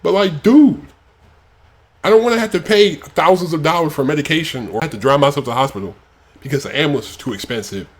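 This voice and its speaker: A man's voice: a little high, fast talker. A man from the United States hosting a casual reaction video, ranting in an exasperated way and filling his sentences with "like". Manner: exasperated rants, many fillers like "like".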